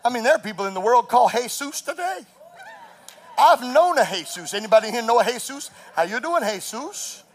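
A man preaching a sermon as pastor, rising to shouts and telling stories with laughter. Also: very high-pitched, lively intonation, a little fast.

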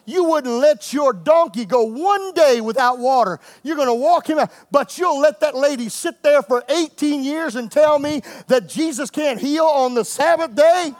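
A man preaches to his congregation, his voice sitting strikingly high. He swings between playful asides and full-throated shouts of praise, teasing the crowd one moment and calling out scripture the next. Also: moderate pace, few pauses, no echo. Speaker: pastor. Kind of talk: sermon.

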